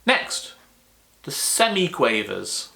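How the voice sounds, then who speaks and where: A man explains drum notation at a slow, patient pace. His voice is bright and forward, and he says key words over and over to make each rhythm clear. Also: on the high side, sing-song. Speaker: drum teacher. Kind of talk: relaxed music lesson.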